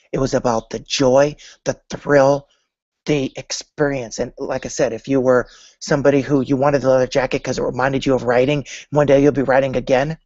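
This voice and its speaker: A man's voice: mid-range voice, dry recording. Man giving a motivational talk, dull dry recording. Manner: storytelling, acting out imagined dialogues. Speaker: spiritual vlogger.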